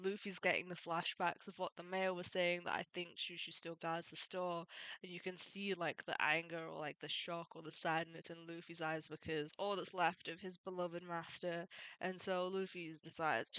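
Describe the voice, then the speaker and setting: A woman with a bright, crisp voice talks casually through a comic's story. She is chatty and opinionated, and she adds fond side remarks as she goes. Her voice sounds dry and close to the mic. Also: lowish voice, flat delivery, moderate pace, no echo, low-quality recording. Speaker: manga recap YouTuber. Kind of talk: casual chat retelling a comic.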